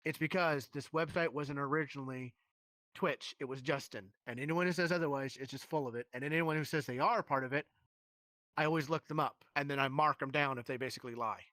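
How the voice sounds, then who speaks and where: A man's voice: mid-range voice, fairly quick, pushed and bright, no room sound. A man who streams, telling a rambling, heated story in casual live-stream chat with many restarts.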